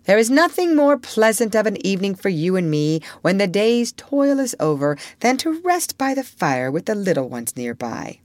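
A woman's voice: medium pitch, big pitch swings, moderate pace, hardly any pauses, a little mellow, dry recording, voice pushed up, lightly acted. A woman reading as a puzzled, anxious young boy. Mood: earnest, anxious. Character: young boy who refuses to grow up.

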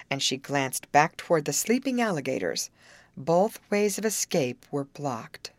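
A woman narrates a storybook in a lower, measured voice. Her pitch moves about with lively expression. The recording is close and completely dry. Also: dry recording. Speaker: audiobook reader. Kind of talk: scripted narration.

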